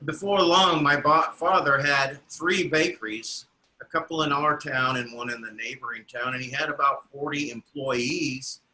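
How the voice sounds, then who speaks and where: Man doing a grieving cleaning woman, subdued and pleading, bright tense sound. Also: mid-range voice, poor audio. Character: grieving middle-aged immigrant cleaning woman.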